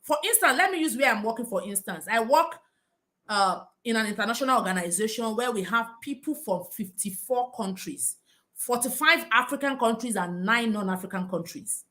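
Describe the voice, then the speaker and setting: Lively high Nigerian woman telling stories. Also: normal speed. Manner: animated storytelling, acts out other people's voices, laughs often. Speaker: speaker. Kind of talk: talk with acted-out anecdotes.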